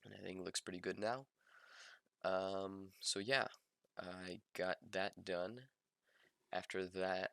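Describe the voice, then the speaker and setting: A man's voice: sits low, fairly even intonation, slow, creaky, long pauses, bright, forceful tone, no room sound, studio quality. A young man casually narrating his own project in voice-over, rambling with lots of ums and restarts and poking fun at himself. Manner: self-mocking, laid-back. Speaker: student documenting his 3D modeling project.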